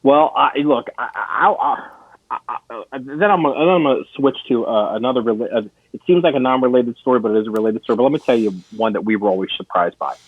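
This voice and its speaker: A man's voice: medium pitch, fast talker, slightly rough, dry recording, narrow, tinny audio. A man co-hosting a podcast, telling long rambling stories in casual chat with many restarts and some swearing. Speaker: podcast co-host.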